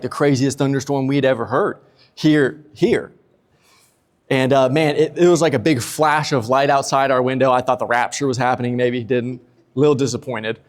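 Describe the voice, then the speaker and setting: A man preaching a sermon, casual and humorous, acting out quotes with energy. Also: medium pitch. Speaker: pastor. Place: church sanctuary. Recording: long church reverb.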